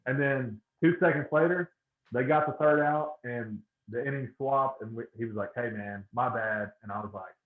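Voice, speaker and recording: A man guest telling swear-laden stories in a casual, animated way. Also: mid-range voice, normal speed. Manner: animated storyteller, swears a lot. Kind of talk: casual storytelling. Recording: tinny phone-like line with room echo.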